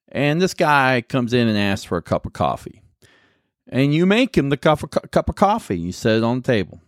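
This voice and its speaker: A man's voice: mid-range voice, dry recording, studio quality. A man hosting a podcast, giving a rambling, sarcastic political monologue full of self-corrections. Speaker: podcast host.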